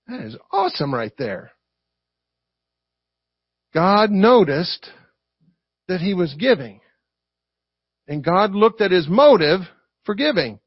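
A man with a Southern US accent preaching a lively sermon, acting out quotes and asking the congregation for responses. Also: sits high, slow pace, pauses often, husky, no echo. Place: church. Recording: dry, dull lo-fi recording.

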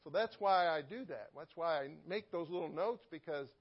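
A man's voice: fairly high pitch, expressive, moderate pace, slightly rough, highs cut off. A man preaching a sermon as pastor, in a conversational way, often repeating words and asking for an amen.

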